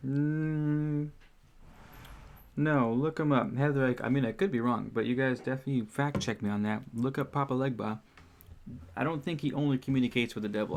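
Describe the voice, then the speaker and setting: A man's voice: mid-range voice, creaky, slight background noise. Man chatting casually on stream. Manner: rambling, profane, self-correcting. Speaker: streamer host. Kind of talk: casual livestream chat.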